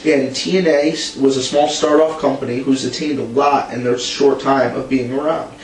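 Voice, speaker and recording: A man's voice: mid-range voice, fairly even intonation, normal speed. A young man co-hosting a casual wrestling recap, blunt and ranting, laughing often. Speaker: podcast co-host. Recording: echoey room, distant mic, faint hum.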